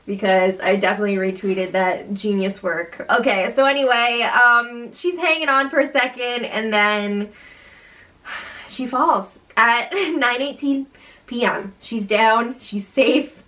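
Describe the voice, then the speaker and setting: Brief: young woman podcast host, casual gossipy recap, giggly, a touch high-pitched. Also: slow, pushed and bright. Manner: chatty, giggly, lots of "like".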